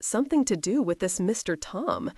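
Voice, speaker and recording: A woman voicing a man who speaks slowly and soothingly to calm his frightened wife. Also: mid-range voice, husky, no room sound, studio quality. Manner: soothing, slow.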